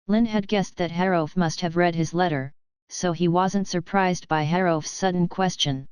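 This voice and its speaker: A woman narrating a fantasy novel audiobook in an even, steady reading voice. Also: fairly low pitch, a little slow, clean tone, no echo, rough recording. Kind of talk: scripted narration.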